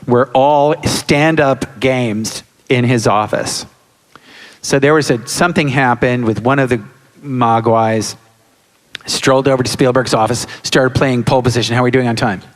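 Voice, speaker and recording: Animated man in his 60s telling stories in a hall. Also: mid-range voice, normal speed. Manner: animated storyteller, acts out quotes and sound effects. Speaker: guest actor on a convention panel. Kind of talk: anecdote-telling on a live panel. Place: large hall with live audience. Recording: reverberant hall.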